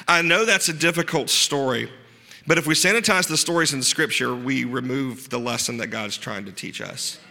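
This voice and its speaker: A pastor preaching a sermon, earnest with dry asides, leaning hard on key words. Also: male voice, medium pitch, moderate pace, creaky, bright, forceful tone. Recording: long hall reverb.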